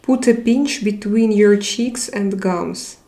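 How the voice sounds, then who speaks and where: A woman's voice: medium pitch, slow pace, warm tone. A young woman hosting a casual live chat, reading viewer comments aloud and answering them. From Russia. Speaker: live stream host.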